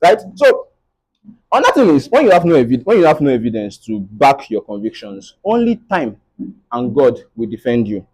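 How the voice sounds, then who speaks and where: A man's voice: medium pitch, very animated, normal speed, darkish tone, slightly rough, low-quality recording. A young Nigerian man with a Nigerian English accent, giving a faith-based motivational talk to a live audience in a preacherly way and often checking in with "right?". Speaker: motivational speaker.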